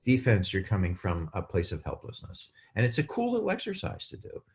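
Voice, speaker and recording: Podcast guest, male, low voice, lively explainer who acts out quotes. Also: a little fast. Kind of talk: casual podcast chat.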